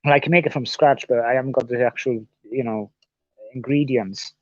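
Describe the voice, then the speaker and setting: A man chats on a livestream at an everyday pitch, rambling and circling back over the same points. He swears freely as he goes. The sound is muffled and dry. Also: steady tone, fairly quick, no room sound. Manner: rambling, swears often, repeats himself. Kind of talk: casual livestream chat.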